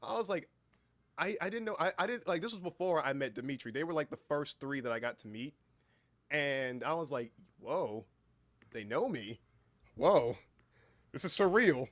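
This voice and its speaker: A young man chatting on a casual livestream, telling an excitable story with halting restarts and the odd swear word. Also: a little high. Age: young adult. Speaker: streamer and voice actor.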